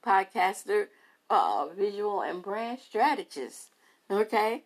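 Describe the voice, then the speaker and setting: A woman's voice: mid-range voice, lively intonation, unhurried. A woman, a mother, talking casually and emphatically to her podcast listeners, repeating phrases for effect. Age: adult mother. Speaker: podcast host.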